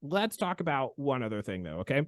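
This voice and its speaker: A man, a chiropractor hosting a podcast, telling stories in an animated, theatrical way. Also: fairly quick, no room sound, studio quality. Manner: animated, theatrical storyteller with big pitch swings. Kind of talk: casual podcast chat, storytelling.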